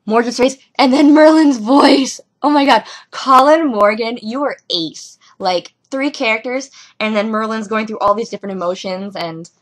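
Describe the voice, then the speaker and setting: A young woman casually reviewing a TV episode at home, rambling and giggling through animated asides. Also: on the high side, moderate pace, few pauses.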